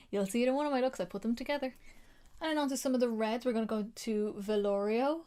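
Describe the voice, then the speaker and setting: A woman's voice: a little high, a little mellow. A young woman with an Irish accent chats through a makeup review. She gushes over what she shows, talking loosely with lots of ums and likes. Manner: gushing, chatty, many fillers. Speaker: beauty vlogger.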